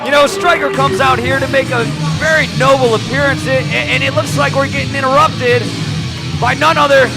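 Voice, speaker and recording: A wrestling commentator with a very high voice calls the action, indignant and shouting. His voice has a gravelly edge, and loud music plays behind him. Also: poor audio.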